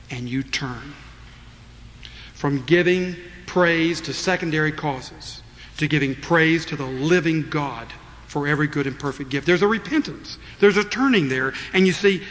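Male pastor, fairly high bright voice, lively sermon delivery, large echoing church. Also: a little hiss or hum. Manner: animated preaching, acting out voices of the congregation.

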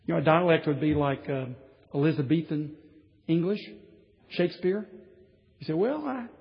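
A man's voice: on the high side, steady tone, moderate pace, in a large hall, lo-fi sound. A man preaching a sermon in a conversational way, building to emphatic points and dropping wry asides.

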